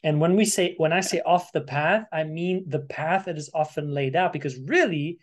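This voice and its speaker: A man hosting a podcast interview, talking in an expressive, animated way and sometimes acting out his inner voice. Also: a little high, normal speed. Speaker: podcast host. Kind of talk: conversational interview.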